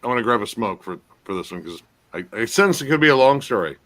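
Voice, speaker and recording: A man's voice: mid-range voice, animated, quick pace, fairly bright tone. A man in casual chat on a stream, teasing the host in a laid-back way and swearing casually.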